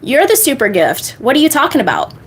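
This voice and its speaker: A woman coach answering viewer questions on a livestream in a bubbly, fast way. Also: high-pitched, wildly swooping pitch, a little hiss or hum. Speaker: manifestation coach.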